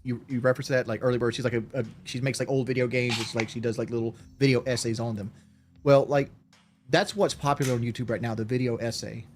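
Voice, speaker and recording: A man's voice: mid-range voice, fairly even intonation, quick pace. A man with a Southern US accent, rambling casually on a late-night call and swearing now and then.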